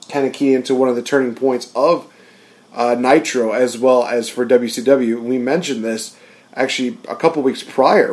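A man co-hosting a relaxed podcast, his voice sitting in an ordinary middle register. He talks animatedly and breaks into quick impressions of wrestler promos before dropping back into easy chatter. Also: medium pitch. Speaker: podcast co-host. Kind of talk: casual chat.

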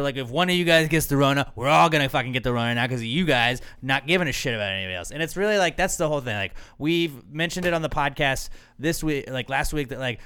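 Young male podcast host, crisp clear tone, loose profane rambling banter. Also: medium pitch, bright, forceful tone. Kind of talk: casual podcast chat. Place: apartment home studio.

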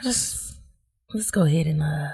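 A woman's voice: low-pitched, lively intonation, a little slow, creaky, warm tone, husky. A woman podcast co-host in casual chat, chiming in, laughing and cursing as she adds to the story.

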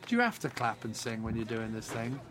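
A man's voice: mid-range voice, very animated, fairly quick, a bit bright. A man in casual comedic banter, joking around and slipping into silly character voices. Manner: jokey, slips into put-on character voices.

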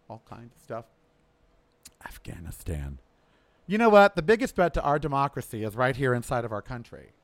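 A man hosting his podcast, delivering a sarcastic, ranting political monologue that swings from loud outbursts to low mutters. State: coughing from smoke in throat. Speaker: podcast host. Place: outdoors.

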